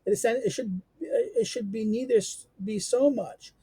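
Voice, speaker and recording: A man's voice: extremely high pitch, a little slow, warm tone, slightly rough, dry recording. A man giving an unscripted lecture, rambling and emphatic, with many fillers and restarts.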